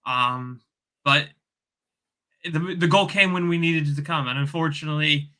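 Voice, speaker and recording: Bright-voiced man weighing his words. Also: on the high side, steady tone. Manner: measured, repeats and restates his points. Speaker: podcast guest. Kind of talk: casual football fan podcast.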